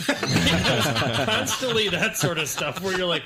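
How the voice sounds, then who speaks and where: A man's voice: sits high, big pitch swings, takes it slowly, heavy background noise. A man on a casual podcast, explaining things earnestly as he recalls his years doing improv. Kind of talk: casual chat.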